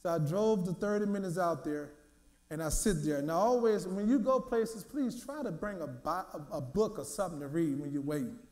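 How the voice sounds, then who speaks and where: A male minister preaching a sermon, telling a personal testimony in a lively way and repeating his words as he goes. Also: high-pitched, normal speed, roomy sound. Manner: lively storytelling, repeats words, acts out quotes.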